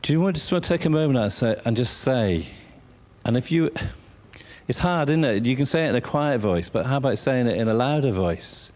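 A man preaching a sermon, drawing words out for emphasis and sometimes dropping to a soft whisper. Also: medium pitch, expressive. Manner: slow, drawn-out emphasis, dropping to a whisper at times.

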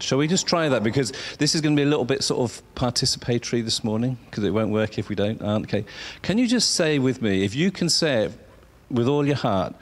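In a lowish voice, a man gives an informal sermon, halting and repeating himself as he encourages listeners to speak along with him.

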